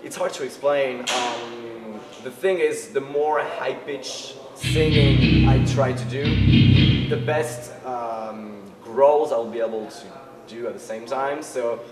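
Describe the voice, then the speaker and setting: A young man with a French accent, a band vocalist chatting in a casual interview, halting and full of fillers and restarts. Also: mid-range voice, far from the mic. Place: concert venue backstage. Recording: echoey, off-mic, loud music behind.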